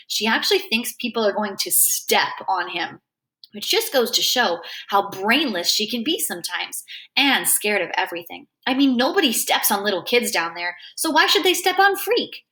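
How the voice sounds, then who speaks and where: A woman reading a novel aloud with animated first-person narration. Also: on the high side. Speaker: reader.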